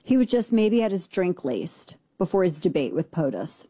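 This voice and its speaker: A woman hosting a casual political commentary show, talking fast and mocking her targets with sarcasm. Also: fairly low pitch, big pitch swings, warm tone, dry recording, studio quality. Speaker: show host.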